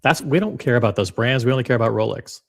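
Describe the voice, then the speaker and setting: A man's voice: mid-range voice, quick pace, creaky. Male reaction host, mid-range voice, rambling, punchy, swears freely. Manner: animated, rambling, blunt and profane. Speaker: watch channel host reacting to clips. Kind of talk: casual reaction commentary.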